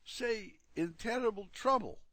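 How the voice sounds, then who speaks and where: A man's voice: high voice, expressive, a little slow, sharp tone, dry recording, voice pushed up, full character voice. A man voicing a cheerful, unflappable old man with a breezy, matter-of-fact way of talking.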